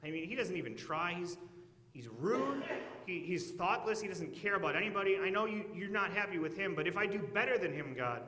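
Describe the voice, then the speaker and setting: A man's voice: high voice, animated, a little fast, sharp tone, pitched above the performer's own voice. A man acting out an anxious everyday man bargaining with God, pleading and wheedling with rising questions, in an echoey church hall.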